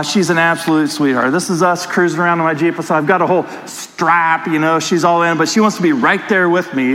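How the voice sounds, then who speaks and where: A pastor delivering a sermon with an animated personal story, talking straight to his congregation. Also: a little high, big-room sound, slight background noise, poor audio.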